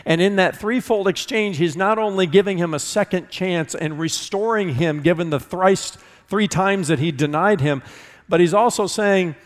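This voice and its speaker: Man, pastor, sermon, expository, repeats words, a bit high-pitched, long hall reverb. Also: normal speed. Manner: expository, repeats words when stressing a point.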